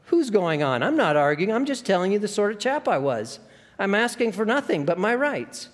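A grumbling ghost of a working man insists on his rights in rough, ungrammatical speech, voiced by a man. His tone is indignant and self-pitying. A long hall echo trails behind each line. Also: high voice, sing-song, moderate pace, voice pushed up. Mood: aggrieved. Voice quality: blustering, rough working-class grammar. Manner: indignant and complaining.

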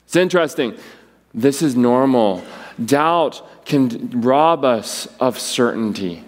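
A man preaching a sermon, acting out the quoted voices with wide swings in pitch. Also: lively intonation, takes it slowly, in a large hall. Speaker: pastor.

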